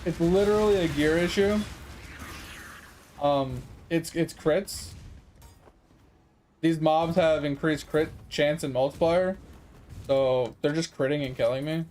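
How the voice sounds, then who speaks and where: A man's voice: fairly high pitch, slow pace, long pauses, darkish tone. A young man giving casual gameplay commentary as a streamer, frustrated and swearing while he talks to his chat. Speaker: gaming streamer.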